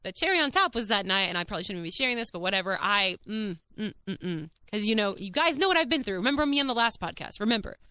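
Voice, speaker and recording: A woman hosting her own podcast, telling a personal story in a candid, casual way, animated and full of "like" and the odd swear word. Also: mid-range voice, fast talker, hardly any pauses, clear, resonant tone, no room sound. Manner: frank, animated, heavy use of "like". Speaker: podcast host.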